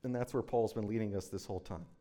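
A man's voice: lowish voice, fairly even intonation, fast, mellow. Intense, urgent male preacher. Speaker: pastor. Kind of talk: sermon.

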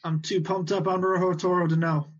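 A man's voice: sits high, level tone, brisk. A man playing in a tabletop game, talking eagerly and casually. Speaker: player. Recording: dull lo-fi mic.

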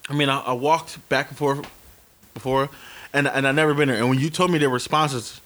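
A man in his early forties tells stories in a loose, casual chat. He swears freely and acts out the other people's lines as he goes. His voice sits at a middle pitch. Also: fairly quick. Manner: animated storyteller, swears freely, acts out dialogue. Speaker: podcast co-host.

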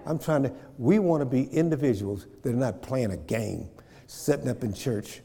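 A man's voice: mid-range voice, expressive, moderate pace, creaky, warm tone, long reverb tail. A man preaching a sermon, repeating phrases and checking in with his congregation. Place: church.

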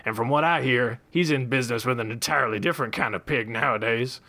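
A man's voice: mid-range voice, fast talker, vocal fry, bright, forceful tone, a little hiss or hum. A man voicing a furious, foul-mouthed frontier sheriff who screams and curses. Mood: smug. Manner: screaming, swearing, explosive.

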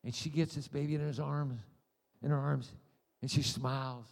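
A middle-aged American-born preacher giving a humorous, storytelling sermon, animated and rambling, acting out voices and cries. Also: male voice, medium pitch, normal speed, creaky. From United States. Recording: long hall reverb.

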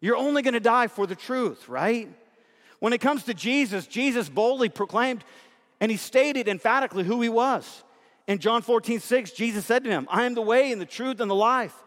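A man preaching a sermon as a pastor, emphatic and conversational, animated in his delivery. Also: very high voice, moderate pace. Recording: long hall reverb.

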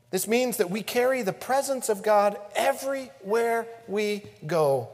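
A man with a high voice preaches a sermon to his congregation. He swings between hushed, intimate passages and loud emphasis. His voice rings with the long reverb of a large hall. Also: animated, unhurried, hardly any pauses. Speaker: pastor.

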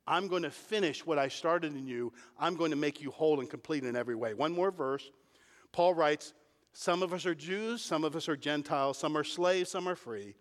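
A man's voice: lively intonation, normal speed, long reverb tail. A man pastor preaching a sermon, explaining verses and building to emphatic points. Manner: emphatic preaching, rising in pitch and volume at key points.

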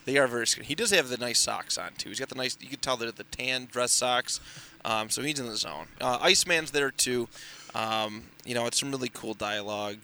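Bright-voiced man rambling about comics. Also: medium pitch, fairly quick. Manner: rambling, filler-heavy recap with frequent restarts. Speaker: podcast co-host reviewing comics. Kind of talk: casual chat.

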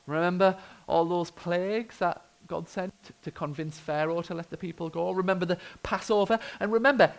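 A man's voice: sits high, fairly even intonation, normal speed, gravelly, few pauses, low-quality recording. A British man preaching a sermon, telling the story with expression and wry humour. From United Kingdom.

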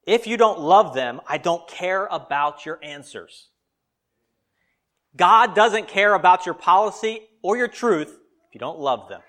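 A male pastor preaching a sermon, swinging between loud emphatic lines and quiet asides. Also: high-pitched, lively intonation, measured pace.

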